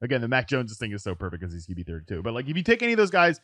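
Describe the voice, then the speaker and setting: A man hosting a casual sports podcast, talking in quick bursts with frequent restarts and "right?" tags. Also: medium pitch, huge pitch swings, fairly bright tone, no echo. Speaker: podcast host. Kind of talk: casual fantasy football chat.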